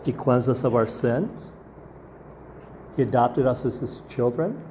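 Earnest male pastor, mellow voice. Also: mid-range voice, lively intonation, measured pace, a little hiss or hum. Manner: earnest, asks the congregation rhetorical questions. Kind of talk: sermon.

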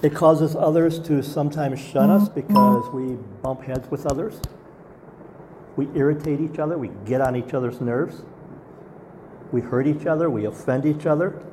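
A man's voice: fairly high pitch, normal speed, warm tone, slight background noise. A man preaching a sermon as pastor, earnest and asking the congregation rhetorical questions.

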